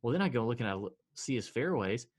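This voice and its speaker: He has a medium-pitched, expressive voice and talks quickly as co-host of a casual sports betting podcast. Stats pour out of him, punctuated by sighs and wry self-mockery.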